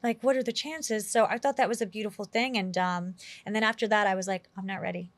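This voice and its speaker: An animated woman from New York City tells stories as an interview guest, acting out her own past lines and filling her talk with "like." Her voice sits at an ordinary middle pitch for a woman. It is recorded dry, with almost no room sound. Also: quick pace, no echo. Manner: animated, quotes herself often, heavy use of "like". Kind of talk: casual interview storytelling.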